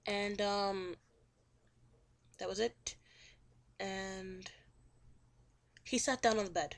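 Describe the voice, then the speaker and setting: A woman student casually retelling a story in her own words, chatty, with lots of "like" and "um", her voice often trailing off quietly. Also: medium pitch, fairly even intonation, drawn-out words, a little hiss or hum. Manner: chatty, says "he was like" and "um" often. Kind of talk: casual book summary.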